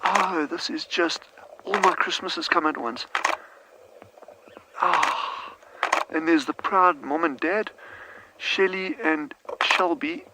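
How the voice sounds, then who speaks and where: A man's voice: fairly high pitch, takes it slowly, pauses often, very noisy. A man working as a field guide, gushing with overjoyed commentary during a live safari broadcast outdoors. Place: outdoors on a game drive.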